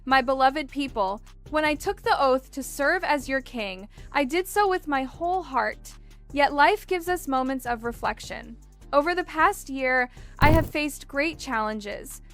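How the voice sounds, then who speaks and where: A woman voicing an aging male king giving up his throne, speaking in a measured, solemn way. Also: high-pitched, animated, a bit bright, faint music behind, full character voice.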